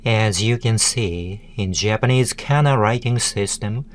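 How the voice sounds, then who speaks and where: Man, tutorial narration, low-pitched voice, very slow and measured, syllable-by-syllable delivery, faint background hiss. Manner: slow, deliberate, spells out words syllable by syllable. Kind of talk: scripted educational narration.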